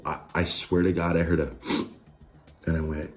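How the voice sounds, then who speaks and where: Deep, mellow-voiced man ranting. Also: faint music behind. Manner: animated, mimics others in pitched-up voices; profane, quick storytelling. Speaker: online creator recounting a dispute. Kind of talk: heated podcast rant.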